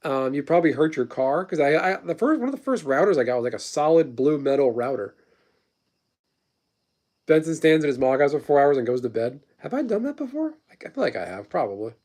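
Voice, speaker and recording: A man in his thirties hosts a casual livestream, answering chat messages as he rambles through stories and blunt, profane opinions. His voice sits on the high side, sing-song and a little fast, with a darkish tone.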